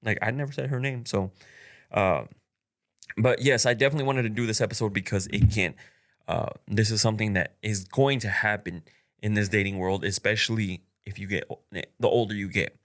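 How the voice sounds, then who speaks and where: A man's voice: fairly low pitch, steady tone, a little fast, a bit bright. A young man hosting a casual solo podcast, talking bluntly with lots of swearing, laughter and filler words. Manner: blunt and profane, laughs often, many fillers. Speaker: podcast host.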